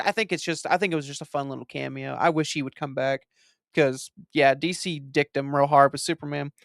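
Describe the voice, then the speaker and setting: A man talks over a film in a casual commentary, animated and profane as he retells his own reactions. His voice sits a little high and sounds smooth and clear. The sound is dry, with no room echo. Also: fairly quick. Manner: excitable, profane, animated storytelling. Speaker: movie commentary host.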